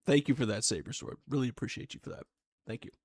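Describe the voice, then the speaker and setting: A man streaming live, reacting to a video in a relaxed, chuckling way and thanking viewers as he goes. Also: mid-range voice, quick pace, dry recording, clean studio sound. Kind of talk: casual live-stream chat.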